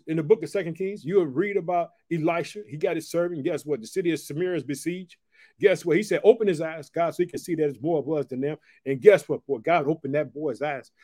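Fervent high-voiced man preaching. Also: a little mellow, no echo, studio quality. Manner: fervent, repetitive call-and-response asides. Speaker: podcast preacher. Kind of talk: preaching podcast sermon.

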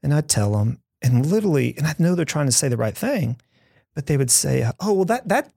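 Pastor guy with a gravelly voice telling heartfelt stories, super dry close sound. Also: mid-range voice, animated, brisk, warm tone, dry recording. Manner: earnest storytelling, heartfelt and emphatic. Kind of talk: conversational podcast talk.

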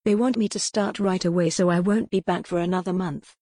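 A woman's voice: on the low side, fairly even intonation, fairly quick, warm tone, no echo, clean studio sound, natural voice. A woman reading as an eager husband on the phone. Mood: subdued. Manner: eager, talkative, later subdued. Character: worried husband away on business, man.

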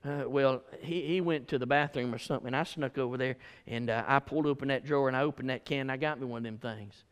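A man preaching a sermon, swinging from loud rhythmic calls to quiet storytelling. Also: mid-range voice, fast, smooth. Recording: hall reverb.

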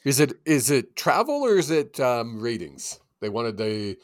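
A man's voice: medium pitch, sing-song, a little slow, no room sound, studio quality. A man co-hosting a sports podcast, talking casually with teasing banter. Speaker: podcast co-host.

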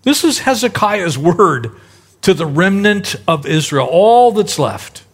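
A man's voice: high voice, sing-song, slow, slightly rough. A middle-aged male pastor preaching a sermon in a conversational way, acting out the voices in the stories he tells.

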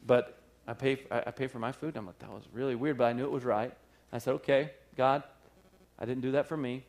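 A male pastor tells a story from the pulpit at a church service, his voice a middling pitch. He acts out the people in the story and laughs often as he goes. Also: fairly even intonation, fast talker, darkish tone. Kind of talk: sermon storytelling.

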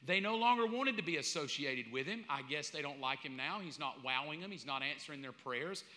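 A man preaching a sermon in an animated way, acting out little scenes and laughing as he goes. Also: on the high side, a little fast. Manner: animated, acts out voices, laughs. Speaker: pastor. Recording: long hall reverb.

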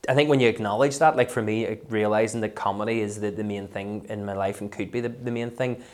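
A Northern Irish comedian in a casual podcast interview, rambling and self-deprecating, full of fillers and restarts. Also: male voice, fairly low pitch, fairly even intonation, quick pace. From Northern Ireland. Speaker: comedian guest.

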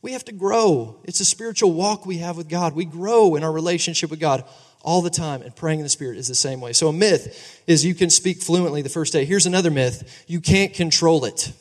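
Animated pastor preaching in an echoing hall. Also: male voice, a little high, brisk. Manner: animated, conversational, asks the crowd for agreement. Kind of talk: sermon. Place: church sanctuary. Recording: long reverb of a large hall.

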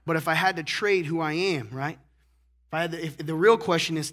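A man preaching a sermon to his congregation in a casual, conversational way, often asking "right?" and swinging from hushed asides to loud emphasis. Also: on the high side, a little fast. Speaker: pastor. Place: church sanctuary.

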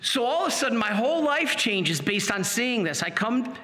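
A man telling a personal testimony in an animated, dramatic storytelling manner. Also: extremely high pitch, normal speed. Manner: animated, dramatic storytelling with sudden pace shifts. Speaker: speaker giving a testimony. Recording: long hall reverb.

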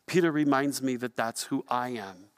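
A man delivering a sermon as pastor, telling a story with animation and swinging from hushed to loud. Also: mid-range voice, moderate pace.

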